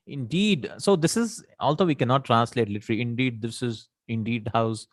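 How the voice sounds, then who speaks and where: A man teaching an Arabic grammar lesson, explaining slowly, repeating terms and checking with "right?". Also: medium pitch, no echo.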